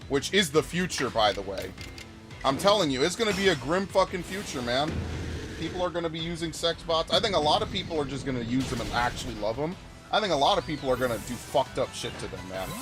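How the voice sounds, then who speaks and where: A man's voice: medium pitch, lively intonation, fairly quick. A man giving profane, ranting let's-play commentary while reacting to chat comments. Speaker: gaming YouTuber. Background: game music.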